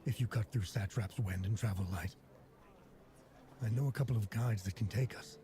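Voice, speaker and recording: An actor voicing a gruff, battle-worn male soldier in a game, raspy and blunt. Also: fairly low pitch, moderate pace, noisy background, lightly acted. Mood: wary. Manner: blunt and clipped.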